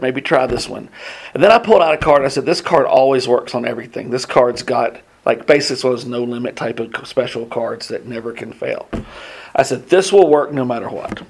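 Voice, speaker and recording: Teaching a casual Bible class, a medium-pitched man tells personal stories with earnest excitement. He often starts his sentences over.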